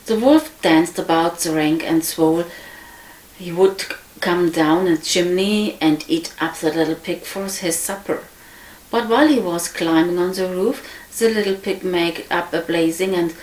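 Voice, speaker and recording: Slow-reading woman storyteller. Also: fairly low pitch, a little mellow. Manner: unhurried, with frequent slips and restarts. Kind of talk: reading a fairy tale aloud. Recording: echoey room.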